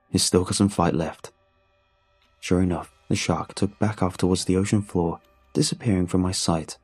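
Man reading a spooky fishing story, low husky voice, steady. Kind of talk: first-person story narration.

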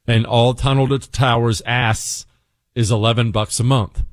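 A man's voice: medium pitch, steady tone, a little slow, no echo, studio quality. A young adult man hosting a talk radio show, ranting emphatically and sarcastically in repeated punchy lines. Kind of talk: opinionated talk radio monologue.

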